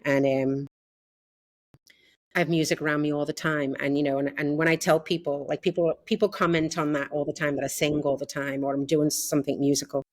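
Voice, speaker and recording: A woman's voice: low-pitched, flat delivery, a little fast, no room sound. A woman in her sixties with a Liverpool accent, chatting as a podcast guest, full of fillers like "you know". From Liverpool, England. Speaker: podcast guest, interior designer. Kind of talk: casual interview chat.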